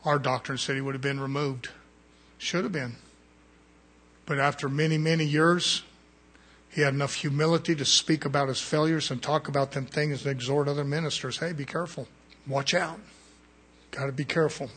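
A man preaching a fiery sermon, swinging from quiet asides to shouted peaks. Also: on the high side, fairly even intonation, normal speed, pauses often, husky.

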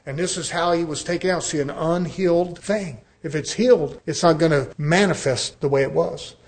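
A man's voice: fairly high pitch, moderate pace. A male pastor preaching a sermon in an earnest way, addressing the congregation as brethren and telling stories with acted-out dialogue. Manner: conversational storytelling with acted-out dialogue.

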